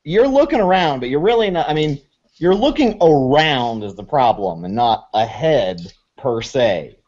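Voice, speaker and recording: A man's voice: medium pitch, sing-song, a little slow, darkish tone. A man narrating a tabletop horror game as game master, loose and casual with lots of swearing and fillers. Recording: dull lo-fi audio.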